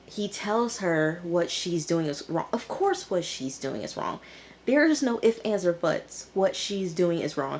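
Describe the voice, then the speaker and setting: Woman going over a tv episode, kinda low voice, takes her time, lots of exclaiming at her viewers. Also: darkish tone, a little hiss or hum. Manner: exclaiming, talks straight to the viewers. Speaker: TV episode reviewer. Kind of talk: casual episode recap.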